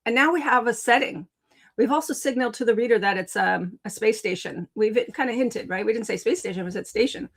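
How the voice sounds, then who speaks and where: A woman's voice: fairly high pitch, brisk, low-quality recording. A woman hosting a live video stream, teaching writing in a casual, chatty way and talking to viewers in the chat. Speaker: writing coach and live show host.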